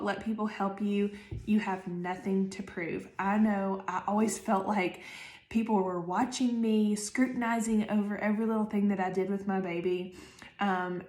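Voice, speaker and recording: A woman's voice: mid-range voice, a little mellow, echoey room. A woman in her thirties hosting a podcast, giving casual, chatty advice with lots of fillers and "okay?" checks. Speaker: podcast host.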